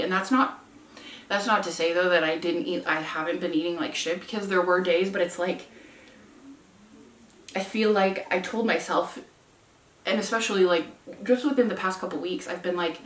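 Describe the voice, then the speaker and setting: A young woman with a fairly low voice talks candidly about her own life, earnest and self-reflective. She sounds set back from the mic, and her voice rings in an echoey room. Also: fairly even intonation, moderate pace, long pauses, a bit bright, distant mic, slight background noise. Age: 20s. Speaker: vlogger. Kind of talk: candid personal vlog chat. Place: room at home with candles lit.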